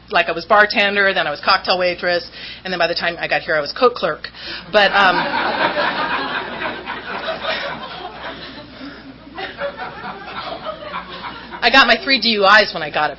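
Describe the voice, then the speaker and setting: A woman's voice: on the low side, sharp tone, dull audio, slight background noise. A woman from Southern California candidly telling her recovery story at a meeting, self-mocking and acting out what people said.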